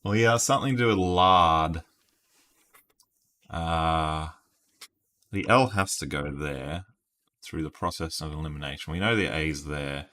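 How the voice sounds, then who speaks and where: A man's voice: extremely low pitch, unhurried, pauses often, bright, forceful tone. A man streaming word games, chatting casually and thinking aloud while laughing at himself. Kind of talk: casual live-stream commentary.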